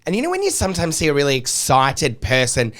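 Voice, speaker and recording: A man co-hosting a podcast, telling a story in an animated, dramatic way. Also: fairly high pitch, fast talker. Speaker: podcast co-host. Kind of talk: casual storytelling chat.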